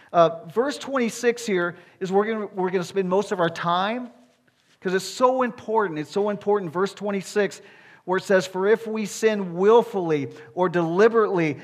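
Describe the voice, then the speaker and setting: A man with a high voice preaches a sermon. He drives each point home with emphatic repetition and climbs to forceful declarations.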